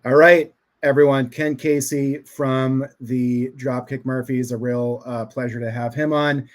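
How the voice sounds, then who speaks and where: A man's voice: medium pitch, fairly even intonation, a little slow. A man from Boston hosting a livestream, talking loosely and playfully with many fillers. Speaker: livestream host.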